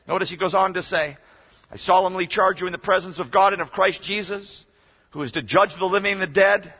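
Guest preacher, male, high husky voice, exhorting hard; long-reverb chapel, muffled. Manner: emphatic, exhorting, rising to shouts. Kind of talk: sermon.

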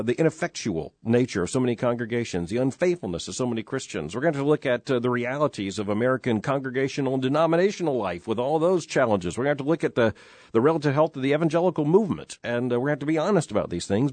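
Here the middle-aged radio host talks at medium pitch, quick and expressive, with a darkish tone. He stays earnest and emphatic in this reflective studio segment, filling pauses with lots of "uh," and the studio mic catches no room sound.

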